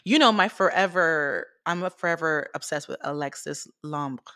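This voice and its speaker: A woman's voice: low-pitched, moderate pace, sharp tone, no echo, clean studio sound. A young woman co-hosting a podcast in casual chat, laid-back and slangy, laughing easily. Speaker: podcast co-host.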